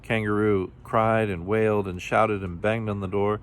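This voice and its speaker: A man reading a children's picture book aloud in a gentle, expressive way. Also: on the low side, normal speed, clear, resonant tone. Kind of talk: storybook read-aloud.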